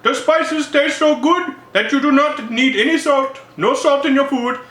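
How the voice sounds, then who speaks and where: A man voicing a chatty male spice-stand vendor in a put-on Indian accent, slow and sing-song. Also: extremely high pitch, sharp tone, echoey room, pitched above the performer's own voice. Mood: persuasive.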